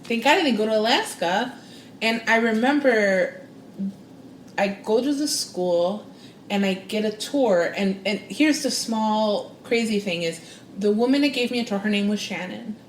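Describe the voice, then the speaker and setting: Speaking a little slowly, a woman who works as a psychic and spiritual coach recounts a personal story as a podcast guest. She's animated and expressive, voicing the people she quotes with big leaps in pitch. The sound is reverberant, with slight background noise.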